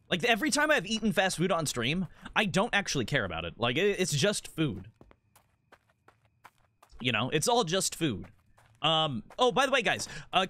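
A man streaming a game, chatting casually in a rambling, profane, animated rant. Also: a little high, no echo.

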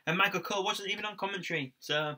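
A man's voice: high voice, fast talker, bright, forceful tone. A young man co-hosting a wrestling podcast, rambling casually and chatting with fillers and restarts. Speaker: podcast co-host. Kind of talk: casual chat reviewing wrestling.

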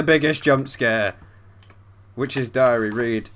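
A man's voice: mid-range voice, expressive, moderate pace, a bit bright. Swearing man playing a horror game. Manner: swears often, jumpy reactions, reads game text aloud. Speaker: let's play commentator. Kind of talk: gameplay commentary. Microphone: desk mic with facecam.

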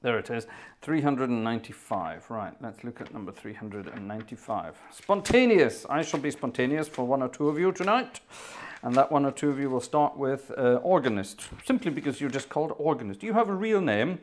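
A man's voice: mid-range voice, lively intonation, brisk. A man hosting a live music stream, who greets viewers in a playful, jokey and chatty way. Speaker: livestream host and organist. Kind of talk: casual livestream chat greeting viewers.

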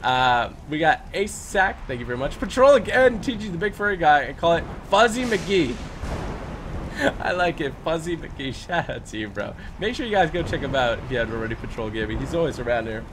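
A young man hosting a game live stream, chatting casually and giving quick, upbeat shout-outs with some stumbles. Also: a little high, lively intonation, noisy background. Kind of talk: casual live-stream chat, reading out super chats.

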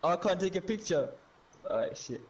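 This man taunts his gaming opponent with casual banter. His voice runs high for a man and swings widely in pitch. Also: animated, a little fast, highs cut off.

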